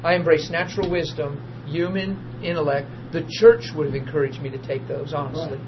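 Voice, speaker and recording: A man tells his testimony like a preacher, his voice pitched high for a man. He drops to near-murmurs and then climbs into loud, tearful laughter. The recording is dull and lo-fi with steady noise behind him. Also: a little fast. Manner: emotional, swings from hushed to loud laughing and crying. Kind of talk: testimony storytelling.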